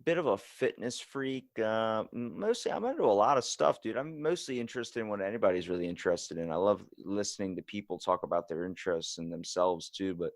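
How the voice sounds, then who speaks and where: A young man hosting a casual podcast, with a fairly low voice and a dry, close sound. He tells his stories loudly and with animation, swearing freely. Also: brisk, few pauses, dry recording. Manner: animated, swearing storyteller who does voices. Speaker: podcast host.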